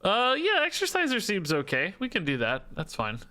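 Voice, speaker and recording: A man's voice: high voice, wildly swooping pitch, normal speed, pushed and bright. A man streaming a card game, thinking aloud, questioning himself and joking between plays. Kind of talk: live-stream gameplay commentary.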